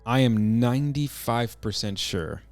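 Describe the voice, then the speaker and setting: A man hosting a podcast, telling a personal story in an earnest, reflective way, halting and restarting his sentences. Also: medium pitch, lively intonation, darkish tone, faint music behind. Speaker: podcast host.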